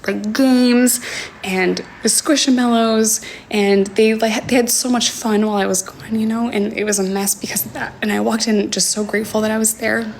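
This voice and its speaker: A young woman telling a personal story on a livestream from home, talking in a halting, hesitant way with many fillers and sometimes dropping to a near whisper. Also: on the high side, steady tone, gravelly, a little hiss or hum. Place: home, indoors. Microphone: phone livestream.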